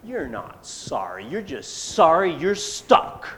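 A storyteller voicing a polite, clever little girl who speaks calmly and teases gently. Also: medium pitch, takes it slowly. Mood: calm teasing. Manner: calm, mildly teasing.

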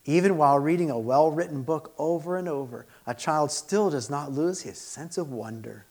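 Guy teaching a class, reads essays out loud, kinda gravelly and earnest. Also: on the high side. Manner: earnest, measured, expressive reading. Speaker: teacher and pastor. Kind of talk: teaching presentation, reading aloud.

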